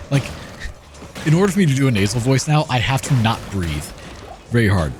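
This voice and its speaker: A man hosting a gaming channel, chatting in a relaxed, rambling way as he comments over gameplay. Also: mid-range voice, normal speed, noisy background. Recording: game music playing behind. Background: game music.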